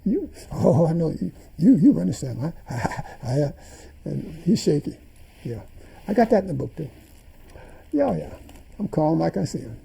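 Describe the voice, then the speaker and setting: A man's voice: fairly high pitch, sing-song, normal speed, creaky, warm tone, slightly rough, poor audio. An older man in an interview, animatedly retelling events and acting out the dialogue he quotes. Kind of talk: storytelling in an interview.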